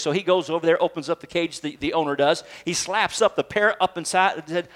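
A man's voice: a little high, fast talker, hardly any pauses, a bit bright. A man preaching a sermon in a conversational, joking way, often laughing and asking rhetorical questions.

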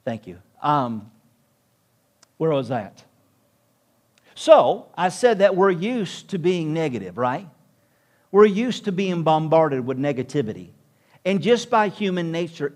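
A man's voice: a little high, lively intonation, a little slow, darkish tone. A man preaching as a pastor to a congregation, with emphatic rising peaks in his delivery. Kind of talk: sermon. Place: church room with congregation.

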